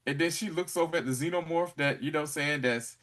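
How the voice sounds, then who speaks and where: A man's voice: a little high, fast. A man co-hosting a casual podcast, retelling an episode with lots of laughter and acted-out lines. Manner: animated storytelling, acting out characters' lines; laughs often while talking. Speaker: podcast co-host. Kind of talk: casual recap chat.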